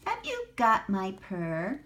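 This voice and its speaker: An older woman reading a picture book, voicing a small sad kitten with high pleading questions. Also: huge pitch swings, takes it slowly, fairly bright tone, full character voice. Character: small sad young female kitten, earnest and determined.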